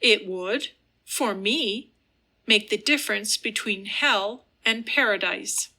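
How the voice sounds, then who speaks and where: A tormented young man pours out earnest, impassioned vows, read by a woman narrator. The pace is unhurried and the tone bright. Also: medium pitch, full character voice.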